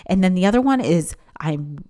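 Female podcast host, solo and casual, emphatic, swings her pitch widely. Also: moderate pace. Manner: emphatic, animated, acts out quoted voices.

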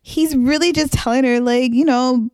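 A woman's voice: high voice, fairly even intonation, normal speed, a little mellow, smooth, no echo, studio quality. A woman co-hosting a casual recap podcast, gushing about an episode and laughing often. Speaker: podcast co-host.

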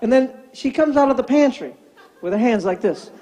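A man's voice: extremely high pitch, fairly quick, in a large hall, a faint crowd, slight background noise. An older man, a pastor, preaching a sermon and acting out quotes as he tells a story. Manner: animated storytelling, acts out quotes.

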